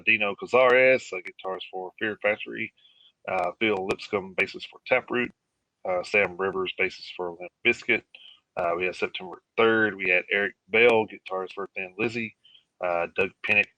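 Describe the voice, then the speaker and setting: A man co-hosting a casual live radio show, reading out a list with many pauses and fillers. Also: deep voice, pushed and bright, no room sound, poor audio. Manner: halting, filler-heavy reading of lists.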